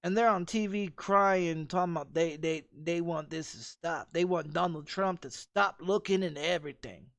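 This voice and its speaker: A game streamer in the middle of an angry, expletive-laden rant. The talk is heated and repetitive, hammering the same points again and again. The voice sits at a middling pitch. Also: normal speed, hardly any pauses, a bit bright.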